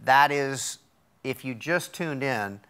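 Male host, bright and clear voice, rephrases the guest's points in a TV studio. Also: medium pitch, slow pace. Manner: rephrases and sums up for viewers. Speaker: talk show host. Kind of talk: interviewing a guest.

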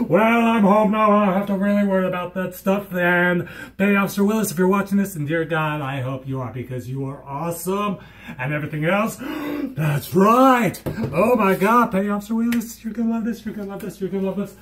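A young man talking in a hyper, giddy vlog at home, rambling and bursting into loud silly exclamations. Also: high-pitched, brisk. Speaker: vlogger.

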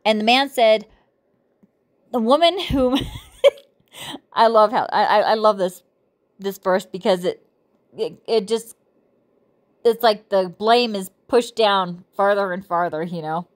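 A woman's voice: medium pitch, measured pace, long pauses. A woman reading scripture and a devotional book aloud, with frequent self-corrections and playful, giggly asides.

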